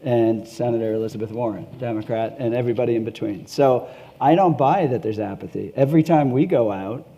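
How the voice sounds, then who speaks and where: A man's voice: mid-range voice, fairly quick, lo-fi sound. A middle-aged man speaking on a conference panel in a hotel ballroom, telling stories with chuckles. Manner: animated storytelling with chuckles.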